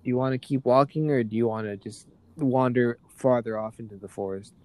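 A man's voice: medium pitch, fairly even intonation, a little fast, a little mellow. A man narrating a tabletop role-playing game as game master, loose and rambling with many fillers.

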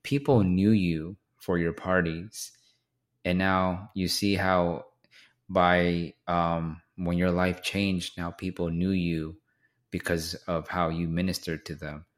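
A man hosting a faith podcast, calmly reflecting the guest's story back to her. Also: low-pitched, slow pace. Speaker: podcast host. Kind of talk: casual interview chat.

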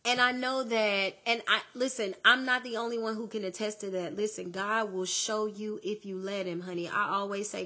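Bright, husky woman preaching on a podcast. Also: medium pitch, steady tone, moderate pace, few pauses. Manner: conversational and preachy, calls listeners "listen" and "honey". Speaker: podcast host. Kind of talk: faith-based podcast monologue.

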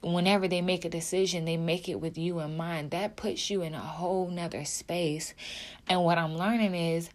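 A young woman speaks to her viewers about faith in a low-pitched, emotional voice. Her talk is heartfelt and casual, full of fillers and repeated phrases. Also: steady tone, moderate pace, darkish tone. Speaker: video creator.

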